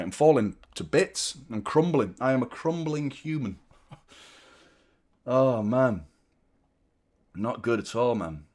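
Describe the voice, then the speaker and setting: A man, chatting casually and self-mockingly as host of a football watchalong stream, swearing freely. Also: medium pitch. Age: 30s. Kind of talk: casual live-stream chat.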